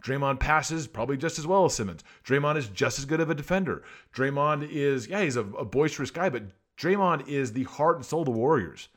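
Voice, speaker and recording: A man rants about sports in a casual monologue, piling up sarcastic rhetorical questions. His pitch swings widely as he argues, jumping up for the jabs and dropping low for the asides. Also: lively intonation, a little fast, few pauses, a bit bright. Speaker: sports commentator.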